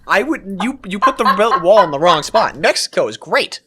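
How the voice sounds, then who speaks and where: A man's voice: high voice, very animated, moderate pace, pushed and bright, slight background noise. A young Canadian man co-hosting a podcast in casual chat, joking and swearing with mock exasperation. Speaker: podcast co-host.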